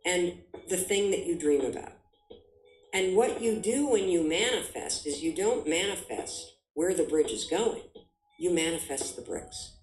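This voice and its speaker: A woman's voice: fairly low pitch, expressive, measured pace, a little mellow, reverberant, low-quality recording. A woman giving an emphatic motivational talk as a guest, full of vivid examples. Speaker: guest speaker.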